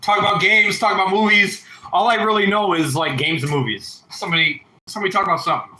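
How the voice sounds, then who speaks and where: Man, 30s, livestream host; rambling, profane, sharp bright tone, echoey room. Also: high-pitched, fairly even intonation, fast, a little hiss or hum. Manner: rambling, heavy swearing, reads chat aloud. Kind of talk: casual livestream chat.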